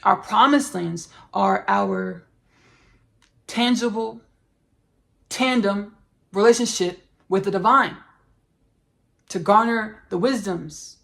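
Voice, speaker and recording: Gravelly-voiced woman giving a spiritual talk. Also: mid-range voice. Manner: earnest, repetitive, halting with many fillers. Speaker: podcast host. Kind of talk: spiritual monologue.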